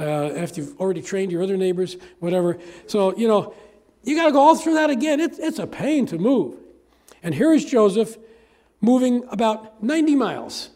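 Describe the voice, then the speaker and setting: A man's voice: high voice, warm tone. An older man giving a conversational sermon, folksy and chatty, asking his congregation questions. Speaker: pastor.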